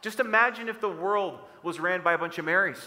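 A man's voice: high-pitched, brisk, sharp tone. A man preaching a sermon, leading the room in call-and-response and repeating his key phrases. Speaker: pastor. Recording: echoing hall.

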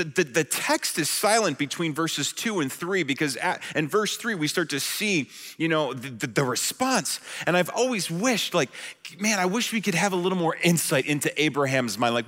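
A man preaching a sermon as a pastor, animated and storytelling, his voice rising loud when he acts out questions. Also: high voice, long reverb tail.

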